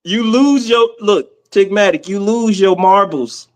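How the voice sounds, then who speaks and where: American guy as a podcast guest, tells stories in a lively casual way, slightly high voice. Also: unhurried. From United States. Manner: animated, acts out the people in his story. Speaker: guest, music executive. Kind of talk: casual storytelling.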